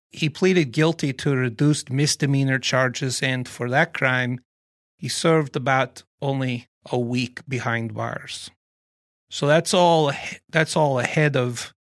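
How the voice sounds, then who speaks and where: A man's voice: medium pitch, fairly bright tone, no echo. Male podcast host, casual and joking, middle voice, dry close-mic sound. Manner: chatty, joking, with restarts. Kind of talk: casual chat.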